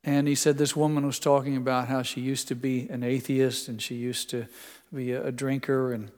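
An older man preaching a sermon, telling stories full of quotes and dropping his voice soft for emphasis. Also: mid-range voice, flat delivery, normal speed. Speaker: pastor. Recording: long hall reverb.

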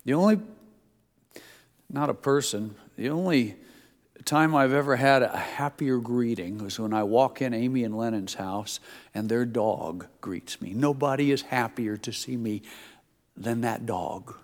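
Middle-aged pastor guy preaching, chatty storytelling, mid pitch, echo of a big church. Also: measured pace. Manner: conversational preaching, folksy anecdotes. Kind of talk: sermon. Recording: long reverb of a church hall.

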